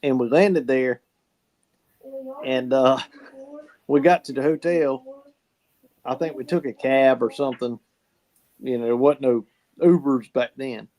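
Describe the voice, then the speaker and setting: A man's voice: mid-range voice, steady tone, unhurried, pauses often, a little mellow. A man from South Carolina with a Southern accent, telling folksy stories in a casual chat, repeating words as he goes.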